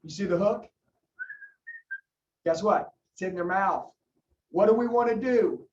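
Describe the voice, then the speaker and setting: Male sales coach, punchy and repetitive, recorded from a distance, dull and roomy sound. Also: sits high. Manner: fast, emphatic, coaching, repeats key phrases. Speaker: sales trainer. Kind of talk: energetic sales training talk with role-played customer dialogue.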